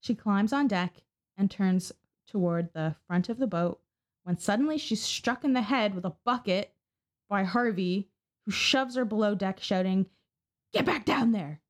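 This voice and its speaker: Female podcast co-host, casual true-crime storyteller, salty and animated. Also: medium pitch, normal speed. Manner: chatty, profane, acts out quotes.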